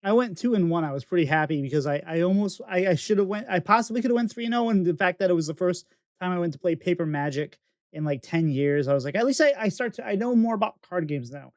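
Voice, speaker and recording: A high-pitched man hosts a casual podcast interview, heard on a dull, lo-fi, dry microphone. He asks questions haltingly and keeps restarting them. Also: lively intonation, darkish tone, no room sound. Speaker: podcast host.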